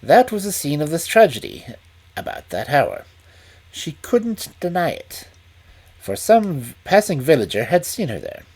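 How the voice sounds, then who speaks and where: A man reading a detective story aloud as a storyteller, in an expressive manner. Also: on the high side, unhurried, husky.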